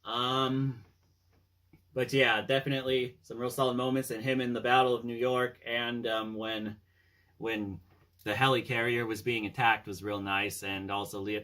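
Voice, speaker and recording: Fairly low, flat, and sharp-toned, a man's voice moves at a moderate pace as he casually discusses favorite films as a fan. He rambles with many fillers, recounting scenes in "he's all like" fashion.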